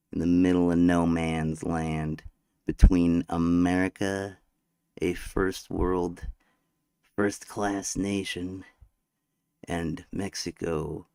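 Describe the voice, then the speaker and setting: A man's voice: deep voice, vocal fry, a little mellow, no echo, studio quality. Rambling male vlogger telling crude stories offhand. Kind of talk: casual storytelling. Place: desert near the border.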